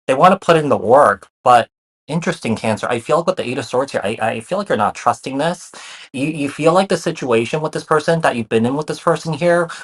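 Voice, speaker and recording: A man's voice: mid-range voice, fairly bright tone, slightly rough. A man giving a casual tarot reading to his viewers, often repeating himself and using fillers like "you know" and "kinda". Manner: repeats phrases, many fillers, reassuring. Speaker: tarot reader.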